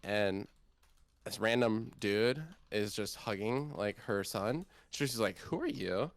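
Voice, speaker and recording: Young man, about twenty, excitable rambling storyteller, lowish voice, dry close sound. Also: takes it slowly, no echo. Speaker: co-host. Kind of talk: casual podcast chat.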